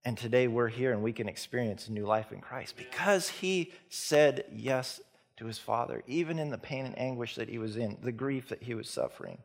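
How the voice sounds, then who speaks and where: A man preaching a sermon in an earnest way, repeating words and slowing into soft, quiet stretches. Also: mid-range voice, gravelly. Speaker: pastor.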